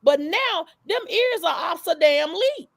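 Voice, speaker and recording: Woman, high and gravelly, dry close sound; sassy, profane gossip host. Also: lively intonation, measured pace, no room sound. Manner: sassy, profane, emphatic storytelling. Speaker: livestream host. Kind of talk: casual gossip commentary.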